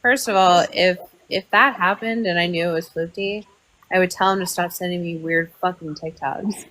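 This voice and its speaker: A woman's voice: fairly low pitch, steady tone, normal speed, a bit bright, rough recording. A woman joining a group chat on a livestream, talking bluntly with profane banter. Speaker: livestream participant.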